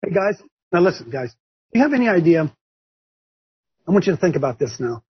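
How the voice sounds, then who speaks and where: Very husky, lively man leading a video call. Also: sits high, brisk. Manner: animated, repeats himself, calls on listeners one by one. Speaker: group leader addressed as coach. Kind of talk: preaching-style group discussion on a video call. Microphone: video call microphone. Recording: muffled video call audio.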